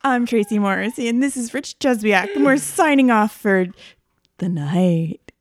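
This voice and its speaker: A woman's voice: a little high, expressive, a little slow, dry recording. A woman co-hosting a podcast in casual chat, hesitant, filling her talk with "like" and giggling. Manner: hesitant, heavy use of "like", giggly. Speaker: podcast co-host.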